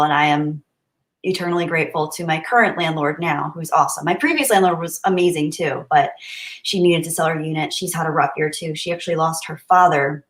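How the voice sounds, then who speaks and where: A woman hosts a casual livestream, chatting and answering her viewers' comments as they come in. Her voice sits on the lower side for a woman. The recording has a roomy, echoing sound. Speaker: livestream host. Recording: roomy echo.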